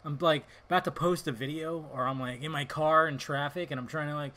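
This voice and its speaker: A man's voice: on the high side, steady tone, fairly quick, pushed and bright. A young adult man hosting his own podcast, rambling casually from topic to topic with frequent tangents and swearing. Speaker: podcast host.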